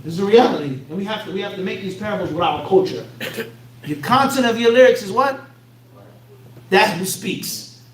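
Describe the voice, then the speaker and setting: A man's voice: high voice, expressive, normal speed, pauses often. A man with a Philadelphia accent giving an Islamic lecture to a class, bluntly streetwise, tossing out rhetorical "what?" questions for listeners to answer. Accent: Philadelphia American. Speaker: Islamic teacher. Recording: echoey room, mic far off, faint hum.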